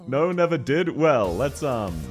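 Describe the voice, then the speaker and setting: Animated streamer, lively voice. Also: male voice, medium pitch, unhurried, soft background music. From Australia. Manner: animated, jokey, reads chat aloud and laughs often. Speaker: game streamer. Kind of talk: casual live-stream chat while gaming.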